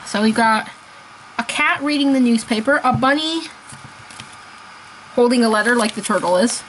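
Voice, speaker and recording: A woman chatting casually as she unboxes toys, gushing and excitable, laughing often. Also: a little high, moderate pace, slight background noise, low-quality recording. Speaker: unboxing vlogger.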